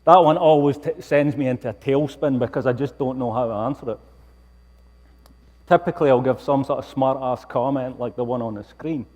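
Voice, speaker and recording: A man's voice: medium pitch, a little fast, darkish tone. Scottish guy giving a talk, dry jokey manner, big echoey lecture hall. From Scotland. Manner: wry, self-deprecating humor. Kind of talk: public lecture.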